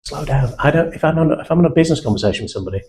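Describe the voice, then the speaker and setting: A man's voice: a little high, animated, rapid-fire, a little mellow, a little hiss or hum, low-quality recording. A man, teaching a live sales training session in a blunt, confident manner with British slang. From England (South Manchester).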